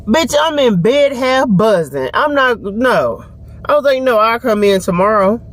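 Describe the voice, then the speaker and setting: A young woman talks into her phone camera in a loose, storytelling vlog. Her pitch swings widely as she laughs and acts out other people's lines, swearing freely. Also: animated, a little slow. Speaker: vlogger. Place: home and car.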